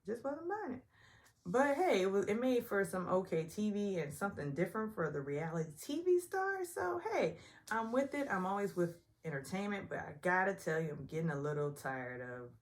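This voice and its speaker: A woman casually recapping a reality show, chatty and opinionated, often mimicking people in higher voices. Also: lively intonation, fairly quick, few pauses. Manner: chatty and opinionated, acts out quotes in high voices. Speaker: recap vlogger.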